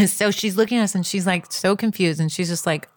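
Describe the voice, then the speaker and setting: A woman casually telling a story as a podcast co-host, animated and acting out quotes with big jumps in pitch. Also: a little fast.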